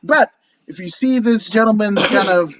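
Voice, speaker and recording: A man's voice: high-pitched, normal speed, fairly bright tone. A man co-hosting a casual fight preview chat, rambling and joking with plenty of swearing. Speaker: co-host.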